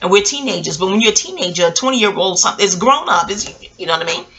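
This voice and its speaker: A New York woman vlogger rattles off a story straight to her viewers in a mid-range voice, loose, animated, and full of profanity and street slang. The recording is rough.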